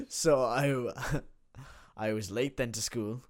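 A young man in casual chat, telling an animated story and laughing often. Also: mid-range voice, extremely slow.

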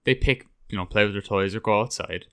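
A man's voice: fairly low pitch, brisk, fairly bright tone, clear, resonant tone. A young man, chatting casually on a podcast, rambling, swearing and acting out quotes. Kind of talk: casual chat.

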